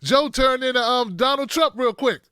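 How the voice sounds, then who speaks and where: A man hosting a political commentary livestream, animated and joking, swinging from shouts to mumbles. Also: extremely high pitch, normal speed, smooth, no room sound, studio quality. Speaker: host.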